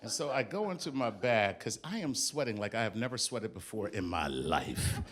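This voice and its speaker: A man doing a stand-up comedy set on stage, telling a story in an animated, profane, exasperated way. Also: on the low side, normal speed. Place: on stage before a live audience.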